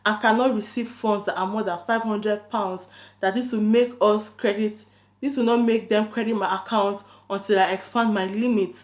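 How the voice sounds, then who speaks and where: A woman YouTuber telling a story in casual vlog chat, animated and incredulous, with bursts of emphasis. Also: medium pitch, normal speed.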